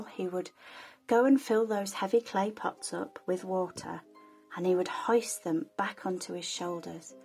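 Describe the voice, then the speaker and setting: Slow, soothing woman storyteller. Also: mid-range voice. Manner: soothing, soft, drawn-out. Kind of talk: relaxing storytelling.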